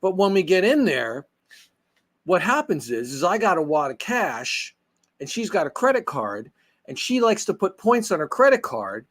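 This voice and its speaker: A man's voice: high-pitched, moderate pace. A man co-hosting a casual podcast, telling stories animatedly and swearing freely. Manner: animated storyteller, acts out dialogue, swears freely. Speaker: podcast co-host.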